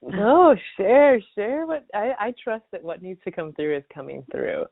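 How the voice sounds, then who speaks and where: Calm affirming woman host on a tinny line. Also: mid-range voice, measured pace, gravelly, dry recording. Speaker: podcast host. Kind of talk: casual chat.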